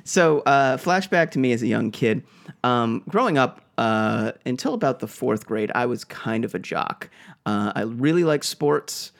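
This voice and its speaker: A man from Boston co-hosts a casual podcast chat. His voice is gravelly, and he tells his stories haltingly, full of "like" and "um". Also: medium pitch, animated. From Boston, USA. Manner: rambling, hesitant, full of "like" and "um". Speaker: podcast co-host. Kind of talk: casual chat, rambling storytelling.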